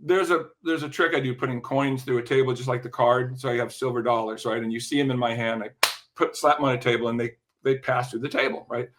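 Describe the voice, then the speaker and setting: An older man talking as a podcast guest, telling long anecdotes with lots of restarts and the odd throat clear. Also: medium pitch, steady tone, fast, a bit bright. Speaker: podcast guest, music industry veteran. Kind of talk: casual interview storytelling.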